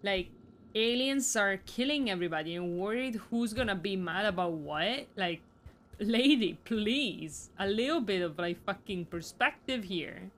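A woman's voice: mid-range voice, animated, normal speed, fairly bright tone, a little hiss or hum. A woman with an Italian accent, a native Italian speaker, chatting casually and rambling through gameplay commentary with the odd swear. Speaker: streamer.

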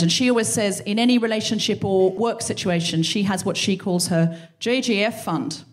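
A woman hosting a live comedy podcast, delivering a profane, animated stand-up monologue on stage. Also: mid-range voice. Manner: profane, animated, acts out scenes. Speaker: podcast host. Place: live show on stage before an audience.

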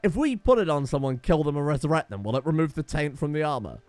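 A man's voice: fairly high pitch, expressive, fast talker, a little mellow, soft background music. Exasperated man commentating a game. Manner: exasperated, sarcastic, swears often. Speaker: gaming YouTuber. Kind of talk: let's play commentary.

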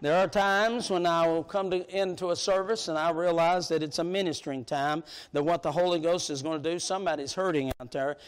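A man preaching a sermon in a church, emphatic and colloquial, rising to shouts. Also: on the high side, fairly even intonation, brisk, few pauses, smooth. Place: church sanctuary.

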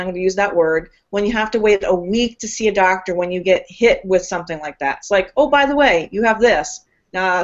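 A woman's voice: a little high, dull audio. A woman hosting a talk show, speaking in a casual, emphatic way with long, loose, philosophical runs. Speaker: host.

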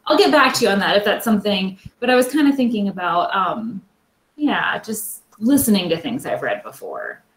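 A woman librarian co-hosts a loose chat about reading, rambling along with frequent laughs. Her voice sits at a middle pitch. The room around her sounds echoey. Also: sing-song, normal speed. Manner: chatty, rambling, laughs often. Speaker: librarian co-host. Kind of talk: casual chat about books.

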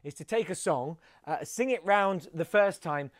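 A man's voice: sits high, expressive, normal speed, dry recording, studio quality. A man hosting a solo live comedy webcast, talking in a wry, rambling way with many fillers and restarts. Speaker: host.

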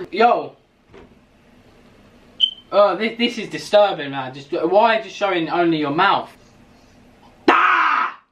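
Cheeky young London man, high voice. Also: expressive, noisy background. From England. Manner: teasing, mock-insulting, quick to laugh. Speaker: YouTuber host. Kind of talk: casual video chat banter.

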